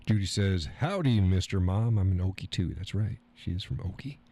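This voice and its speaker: A man's voice: low-pitched, normal speed, mellow. A middle-aged man hosting a casual live stream, reading out chat comments, joking crudely and laughing often. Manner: chatty, laughs often, salty jokes. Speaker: livestream host reading chat.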